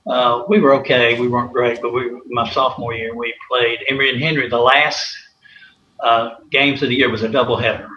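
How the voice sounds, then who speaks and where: A man's voice: mid-range voice, little pitch movement, fairly quick, sharp tone. A man, a former college athlete, telling anecdotes in a rambling way with many fillers and chuckles. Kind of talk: casual storytelling interview. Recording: roomy, slightly dull, faint hiss.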